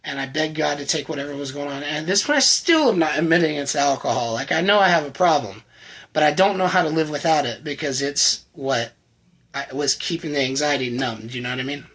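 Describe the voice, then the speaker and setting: Husky man telling his story haltingly. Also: fairly high pitch, a bit bright, poor audio. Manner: halting, candid, with many restarts and fillers. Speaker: channel host telling his recovery story. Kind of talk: personal testimony, casual storytelling.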